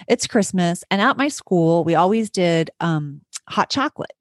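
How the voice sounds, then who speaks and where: A woman teacher tells a story in relaxed, chatty conversation, her pitch swinging widely as she acts out the people in it. The sound is close and dry. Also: moderate pace, no echo. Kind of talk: casual storytelling chat.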